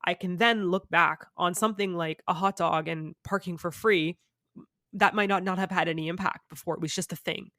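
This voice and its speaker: A woman's voice: fairly low pitch, fairly even intonation, normal speed, pushed and bright, dry recording, clean studio sound. A woman guest on a podcast, talking candidly in a chatty, rambling way with many fillers. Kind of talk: candid conversational interview.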